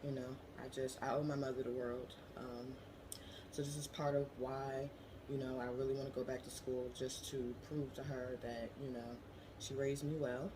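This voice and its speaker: Earnest young woman over steady background noise. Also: rumbling low, moderate pace. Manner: earnest, many "you know" fillers. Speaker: scholarship applicant. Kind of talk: prepared to-camera appeal.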